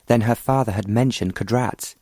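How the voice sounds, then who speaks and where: A man narrating a historical romance audiobook in an even, measured way. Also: medium pitch, no echo. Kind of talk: scripted narration of a romance novel.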